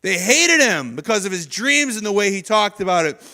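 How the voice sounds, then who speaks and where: A male pastor preaching a sermon in a church, animated and acting out the voices of people in the story. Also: high-pitched, normal speed. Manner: animated, acts out quoted voices of biblical figures. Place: church stage.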